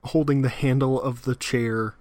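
A man co-hosting a casual podcast, recapping an anime episode in a relaxed way, with lots of "like" and the odd chuckle. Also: mid-range voice, normal speed, dry recording. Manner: relaxed, fills gaps with "like", chuckles.

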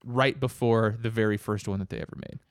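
A man chatting casually, rambling with halting restarts and laughing as he goes. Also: fairly low pitch, fairly even intonation, dry recording, clean studio sound. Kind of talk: casual chat.

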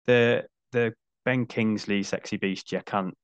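Chatty podcast host, lowish voice. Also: male voice, fairly even intonation, a little slow, smooth, no room sound. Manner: chatty, restarts often, dry asides. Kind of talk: casual film discussion.

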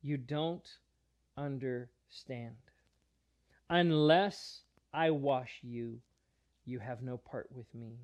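A man playing Jesus as a calm, earnest teacher who gently insists, retold within a sermon. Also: medium pitch, slow.

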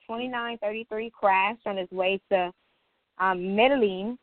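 A woman's voice: mid-range voice, no echo. A woman co-hosting a podcast in casual chat, blunt and teasing. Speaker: podcast co-host. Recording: dry, tinny phone-like sound.

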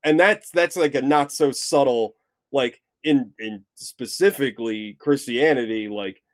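A man's voice: medium pitch, a little slow, no echo. Rambling casual film-review guy. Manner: rambly, self-interrupting, animated. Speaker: podcast co-host.

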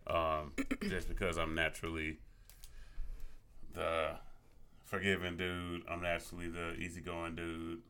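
A man co-hosting a podcast, talking in a laid-back, slow way. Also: low voice, flat delivery, pushed and bright, clear, resonant tone. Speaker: podcast co-host. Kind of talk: casual chat.

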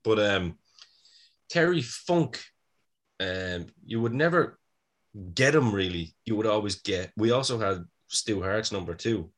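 A man's voice: fairly low pitch, expressive, unhurried. A man in his fifties with an Irish accent, co-hosting a podcast and telling stories in a casual chat. He laughs often and swears freely. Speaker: podcast co-host.

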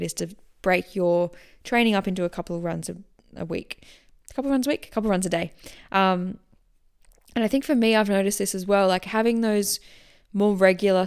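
A woman hosting a podcast, answering listener questions in a relaxed, chatty way that explains as she goes. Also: mid-range voice, clean tone. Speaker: running coach and podcast host.

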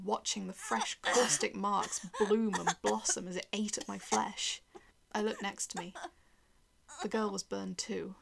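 A woman's voice: mid-range voice, gravelly, a bit bright, a little hiss or hum. A woman narrating a first-person horror story in a tense, dramatic way, sometimes dropping to a whisper.

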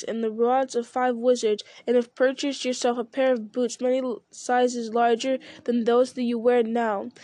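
A woman's voice: a little high, dry recording, lightly acted. A woman voicing a proud, scornful old male wizard full of rage in a storybook reading. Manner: scornful, rising to loud shouts.

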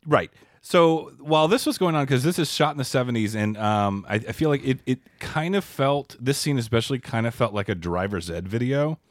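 A man's voice: medium pitch, fairly quick, few pauses, no room sound, studio quality. A man co-hosting a podcast, rambling and joking about a movie with lots of fillers. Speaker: podcast co-host. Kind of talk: casual chat, movie recap.

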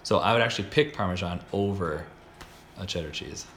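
A man's voice: low-pitched, fairly quick, a bit bright, a little hiss or hum. An American man hosting a casual chat, talking in a rambling, enthusiastic way with many restarts. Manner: rambling, self-interrupting, enthusiastic. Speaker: podcast host.

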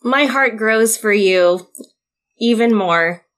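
A woman co-hosting an interview who speaks slowly and haltingly, with pauses. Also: a little high, fairly bright tone. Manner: slow, halting and emotional.

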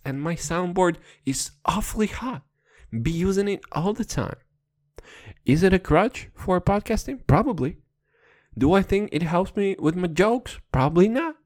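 A man's voice: high voice, a little mellow. A young man hosting a podcast, speaking English as a second language, rambling crudely, swearing constantly and laughing at his own jokes, right up against a close microphone. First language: not English. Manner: profane, rambling, playful, laughs a lot. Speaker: podcast host. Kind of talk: crude comedic podcast rant.

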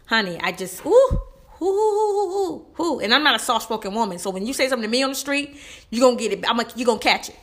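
A woman's voice: medium pitch, fairly bright tone. A young adult woman hosting a podcast, delivering a heated, preachy monologue aimed straight at the men listening. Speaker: podcast host. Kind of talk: opinionated monologue.

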